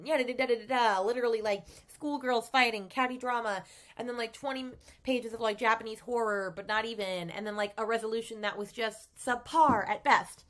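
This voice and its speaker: A woman vlogger chatting casually about books she read, gushing with lots of fillers and sudden animated outbursts. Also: medium pitch. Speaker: book vlogger. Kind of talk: casual book review chat.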